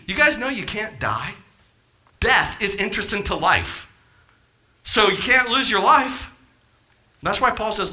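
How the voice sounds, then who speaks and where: An impassioned male preacher with a high, bright, cutting voice that leaps and dips all over his range. He peppers the congregation with rhetorical questions, swelling to near-shouts before falling back to quiet asides. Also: sing-song, unhurried. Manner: impassioned, rising to near-shouts then dropping low. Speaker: pastor. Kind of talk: sermon.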